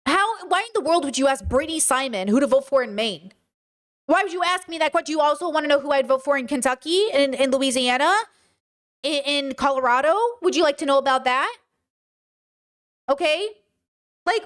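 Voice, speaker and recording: A woman's voice: high-pitched, fairly bright tone. A woman hosting a livestream, reading chat comments aloud and answering them bluntly, with frequent swearing and exasperation. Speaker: livestream host.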